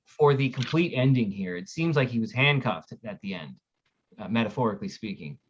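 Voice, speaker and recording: A man's voice: on the low side, animated, brisk, breathy edge. A man co-hosting a casual livestream, reading viewer comments and ranting bluntly with frequent swearing. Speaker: podcast co-host reading chat. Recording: muffled lo-fi audio.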